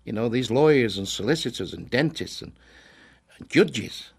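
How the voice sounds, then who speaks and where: Older man, from England, gravelly, mid pitch, blunt, chatty, interview. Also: lively intonation, moderate pace. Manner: blunt, chatty, repeats himself, acts out joke voices. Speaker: comedian interviewed. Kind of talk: interview talk, telling jokes.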